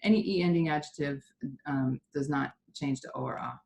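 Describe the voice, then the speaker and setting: A woman's voice: low voice, fairly quick, vocal fry, darkish tone, slight background noise. A woman teaching a Spanish class, patiently explaining grammar step by step.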